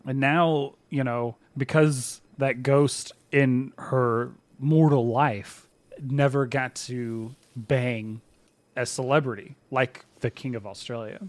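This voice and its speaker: A man's voice: medium pitch, steady tone, slow, no echo. A man co-hosting a podcast, chatting casually and laughing often as he reviews a web series. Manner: laughs often, rambling and playful. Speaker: podcast co-host.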